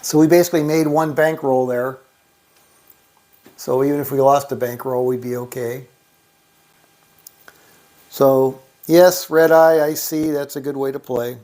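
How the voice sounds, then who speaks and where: A man hosting a casual livestream, counting out money and reading viewer comments aloud in a relaxed, thinking-aloud way. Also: mid-range voice, unhurried, long pauses. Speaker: livestream host. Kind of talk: casual live-stream chat.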